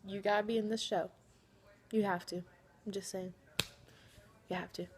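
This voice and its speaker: A woman vlogging casually to the camera, talking straight to her friends in an animated, dramatic way, pleading one moment and teasing the next. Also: mid-range voice, moderate pace. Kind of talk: casual direct-to-camera vlog addressed to friends.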